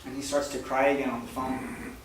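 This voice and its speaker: A man preaching a sermon as a story, soft-spoken and halting, with many fillers and repeated words. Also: medium pitch, little pitch movement. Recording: very echoey hall, mic far off, faint noise.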